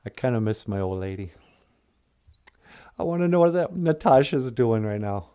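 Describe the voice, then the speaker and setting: A man's voice: medium pitch, lively intonation, normal speed, mellow, smooth. A man hosting a puppet podcast outdoors in the woods, rambling casually and chuckling.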